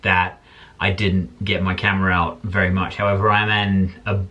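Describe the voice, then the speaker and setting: A man's voice: sits low, little pitch movement, normal speed, pushed and bright, lo-fi sound. A man, host of a casual vlog, joking and sarcastic as he narrates his night. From Isle of Wight, England. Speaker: vlogger and event host.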